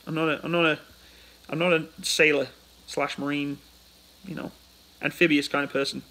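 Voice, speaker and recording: A man's voice: on the high side, flat delivery, normal speed, pushed and bright, low-quality recording. A British man hosting a casual livestream. He reads out viewer questions and answers them in a chatty way, into a phone. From United Kingdom. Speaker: livestream host.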